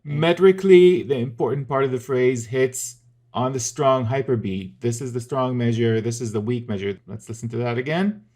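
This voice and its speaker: A man's voice: medium pitch, normal speed, a little mellow. A man teaching music theory in a casual, methodical video lesson, explaining step by step with the odd filler.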